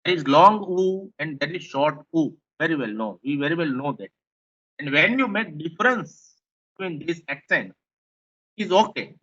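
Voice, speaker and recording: A man's voice: on the high side, lively intonation, moderate pace, a bit bright, muffled recording. A man with an Indian English accent giving a classroom lecture, explaining points and repeating them. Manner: repetitive, explanatory, rephrases points.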